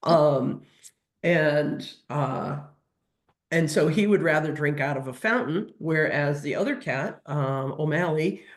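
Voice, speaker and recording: A woman's voice: sits low, slow pace. A woman who works as a veterinary nutrition technician, answering audience questions in a webinar, hesitant with many fillers and restarts.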